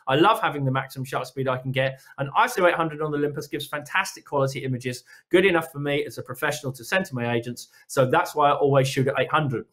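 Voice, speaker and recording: A man in middle age talks through his wildlife photographs with bouncy enthusiasm, a touch high in pitch. He jokes, trips over words and restarts often, like a relaxed stage presenter. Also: quick pace, few pauses. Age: middle-aged. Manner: energetic, jokey, lots of restarts. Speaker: wildlife photographer giving a talk.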